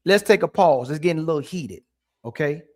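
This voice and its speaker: A man's voice: on the high side, animated, brisk, a little mellow. A man hosting a live debate show, insistently repeating his questions and pressing a guest who talks over him. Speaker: host.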